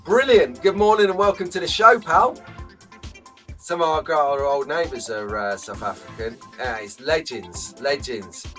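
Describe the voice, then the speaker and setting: A man's voice: a little high, animated, a little slow, a bit bright, faint music behind. A man hosting a casual live stream from a small home room, chatty and jokey, greeting viewers by name. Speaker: host.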